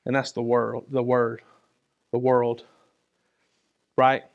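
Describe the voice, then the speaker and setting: A man preaching a sermon in a conversational way, often asking "right?" and moving between loud and soft. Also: mid-range voice, monotone, slow pace, creaky, highs cut off. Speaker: pastor.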